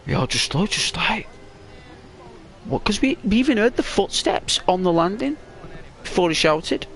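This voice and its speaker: A man casually telling a rambling, halting story while commenting on a video game. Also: high voice. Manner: rambling, halting, excitable when retelling. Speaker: gaming commentator. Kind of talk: casual storytelling over gameplay.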